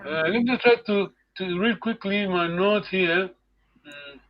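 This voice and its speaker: A man's voice: high voice, expressive, a little slow, highs cut off. A man from Congo, teaching a live online language lesson over a video call. He explains patiently and repeats words for his students to echo.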